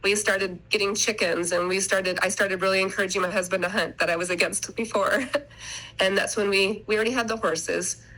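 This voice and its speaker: A woman's voice: mid-range voice, steady tone, a little fast, a bit bright, rough recording. A middle-aged woman guest on a podcast, telling her family story in an earnest, rambling way and often restarting her sentences. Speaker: podcast guest, mother of three. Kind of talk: casual interview storytelling.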